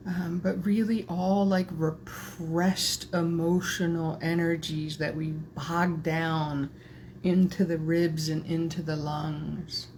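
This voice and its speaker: A woman energy healer leading a guided channeling session in soft, meandering spiritual phrasing. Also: low voice, little pitch movement, slow pace, slight background noise.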